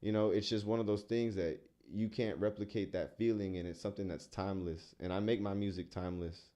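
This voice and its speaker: Young male musician guest from San Antonio, very deep voice, earnest and reflective, loose with fillers. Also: fairly even intonation, a little fast, warm tone. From San Antonio, Texas. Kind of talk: casual interview chat.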